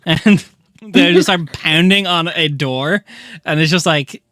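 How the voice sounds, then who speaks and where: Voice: medium pitch, slow pace, fairly bright tone, dry recording, studio quality. A game master narrating a live tabletop game, laughing often as the story unfolds.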